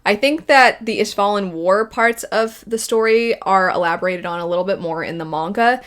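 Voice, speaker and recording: A woman's voice: mid-range voice, normal speed, fairly bright tone. A young woman hosting a video essay, gushing and rambling with emotion about stories she loves. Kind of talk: casual enthusiastic commentary.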